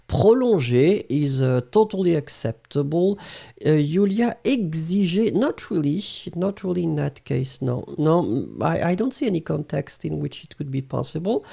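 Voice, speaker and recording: French guy teaching a live class online, gravelly and mellow, pitch jumps all over, keeps cheering students on. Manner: encouraging, switches between English and French, reads out students' answers. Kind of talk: live online language lesson.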